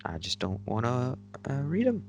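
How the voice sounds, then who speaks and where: A man's voice: mid-range voice, huge pitch swings, normal speed, vocal fry, a little mellow, slight background noise. A man co-hosting a casual anime chat, teasing and sarcastic in tone. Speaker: podcast co-host.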